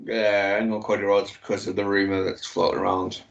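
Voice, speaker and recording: Gravelly low-voiced man. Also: flat delivery, brisk, muffled recording. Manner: offhand, short replies, speculative. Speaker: podcast co-host. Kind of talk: casual wrestling chat.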